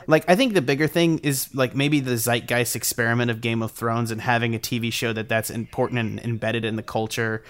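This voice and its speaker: Podcast co-host, male, smooth clear voice, animated and opinionated. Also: mid-range voice, a little fast, hardly any pauses. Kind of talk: casual chat.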